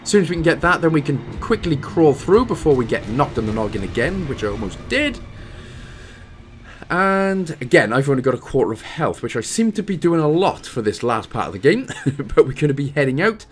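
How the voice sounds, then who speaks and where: A man's voice: fairly high pitch, sing-song, a little fast, soft background music. A Welsh man giving casual, chatty commentary over a video game walkthrough, with self-deprecating, apologetic asides.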